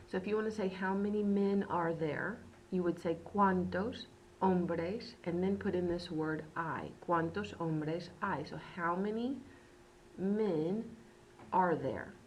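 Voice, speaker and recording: A woman teaching beginner Spanish in a recorded lesson. She repeats words slowly and keeps checking in with "okay". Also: lowish voice, slight background noise, rough recording.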